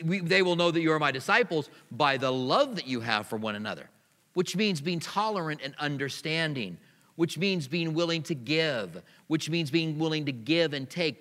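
A man's voice: mid-range voice, a bit bright. A middle-aged man preaching a sermon as pastor, in a conversational way with personal stories, in a church hall.

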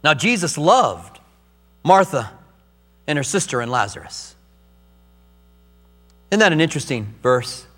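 A man's voice: a little high, big pitch swings, measured pace, pauses often, a bit bright, in a large hall. A middle-aged man preaching a sermon as pastor, earnest and personal as he tells his own story.

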